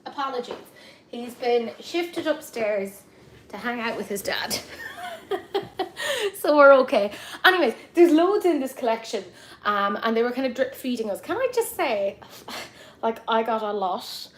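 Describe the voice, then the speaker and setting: An Irish woman hosting a live chat with viewers, talking in a chatty, lively way with lots of asides. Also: a little high, measured pace, slight background noise. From Ireland. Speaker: livestream host.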